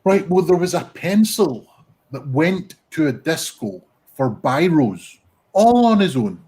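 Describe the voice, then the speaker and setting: A man with a husky, lively voice trades dry, teasing banter during a casual online pun contest. His tone rises and falls freely as he delivers his puns. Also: fairly high pitch, measured pace. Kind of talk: casual online comedy show.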